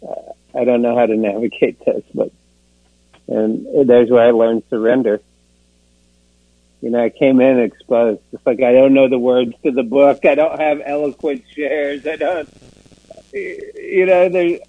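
A man's voice: mid-range voice, no room sound. A man sharing his recovery story in a rambling, self-deprecating way, often laughing at himself and filling gaps with "you know.". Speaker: speaker sharing at a recovery meeting. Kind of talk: personal recovery testimony. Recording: tinny phone-like dry sound.

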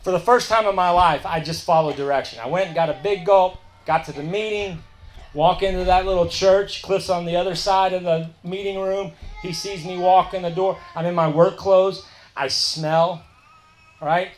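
A man's voice: high voice, fairly even intonation, normal speed, a little hiss or hum. A man telling his recovery story at a meeting in a candid, colloquial and emphatic way.

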